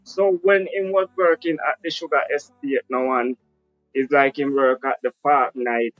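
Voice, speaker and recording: A man's voice: medium pitch, fairly even intonation, normal speed, no echo, faint music behind. Jamaican man on a dull phone call. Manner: earnest, speaks in Jamaican patois-tinged English. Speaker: interview guest. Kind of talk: casual storytelling interview. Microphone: phone on a live call.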